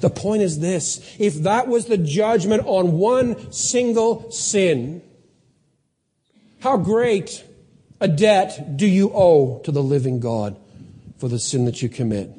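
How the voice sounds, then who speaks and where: Pastor, 40s, male, high mellow voice, emphatic pulpit delivery. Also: expressive, takes it slowly. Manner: emphatic, building to loud peaks then dropping low. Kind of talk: sermon.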